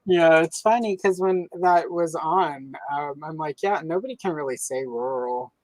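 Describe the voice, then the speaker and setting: A woman from the American South hosting a casual podcast chat, telling joking stories in a relaxed, drawling way. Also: low voice, normal speed, low-quality recording. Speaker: host. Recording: dry close-miked sound.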